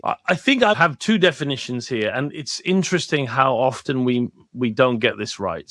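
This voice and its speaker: A man's voice: mid-range voice, fairly bright tone, dry recording, clean studio sound. A man in his fifties from the United Kingdom, a marketing professor guest talking casually, joking and swearing freely. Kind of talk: casual podcast interview.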